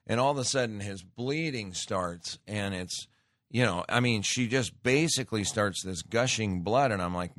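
Low-voiced man rambling in a studio. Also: normal speed, a bit bright, no echo. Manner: rambling, conversational, with frequent restarts and filler. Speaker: talk show host. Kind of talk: casual radio monologue. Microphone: studio microphone.

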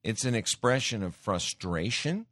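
A man's voice: fairly low pitch, lively intonation, a little slow, a bit bright, no room sound, studio quality. A man giving an earnest sermon-style teaching, talking with many fillers and restarts and rising in emphasis when he cites scripture. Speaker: Christian teacher.

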